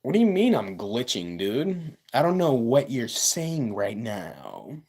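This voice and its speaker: A male streamer talking to his chat in an unhurried drawl. He hypes himself up and repeats lines for effect. His volume jumps from loud bursts down to low mutters. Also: huge pitch swings, breathy edge. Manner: boastful, self-hyping. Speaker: live streamer. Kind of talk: casual livestream chat with viewers.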